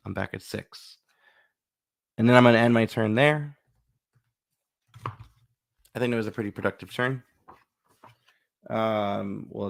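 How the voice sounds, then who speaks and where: Host: man, low gravelly voice, chatty think-aloud board game playthrough. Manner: chatty, thinks aloud, acts out little bits.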